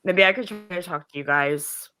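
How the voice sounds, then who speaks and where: A woman's voice: fairly low pitch, moderate pace, sharp tone, clear, resonant tone, no echo, low-quality recording. A woman ranting on her livestream, exasperated and sarcastic, her voice shooting up when she gets worked up. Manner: exasperated, rises sharply when upset, sarcastic. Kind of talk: frustrated livestream rant.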